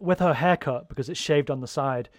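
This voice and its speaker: A man's voice: on the high side, brisk, no echo, studio quality. A man in casual chat, rambling and swearing freely as he talks.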